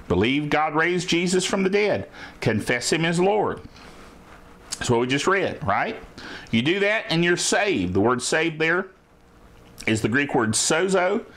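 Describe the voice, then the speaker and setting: A man preaching a sermon who reads scripture slowly and often asks the listeners "Amen?". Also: on the high side, a bit bright. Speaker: pastor.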